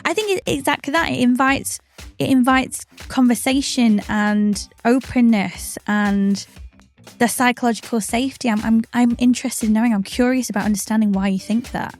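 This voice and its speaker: A woman's voice: a little high, moderate pace, soft background music. A woman co-hosting a podcast, making dry teasing asides and thoughtful points. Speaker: podcast co-host. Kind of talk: casual podcast chat.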